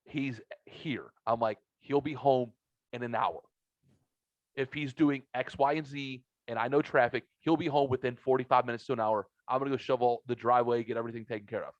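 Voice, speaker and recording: Brief: middle-aged male podcast host, swears freely, animated storyteller, dry dull lo-fi sound. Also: medium pitch, a little fast, no room sound. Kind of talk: casual storytelling chat. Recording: dull lo-fi audio.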